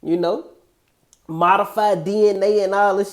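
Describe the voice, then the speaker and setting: A man reading scripture verses slowly, then breaking into loose, profane street-slang commentary and calling listeners "man" again and again. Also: sits high. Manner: addresses listeners with a repeated "man". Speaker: scripture teacher.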